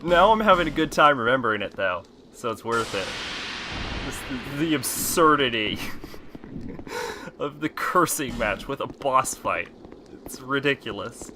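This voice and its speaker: A man's voice: mid-range voice, lively intonation, a little slow, pauses often, background noise. Rambling, easily amused male streamer. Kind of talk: casual stream chat.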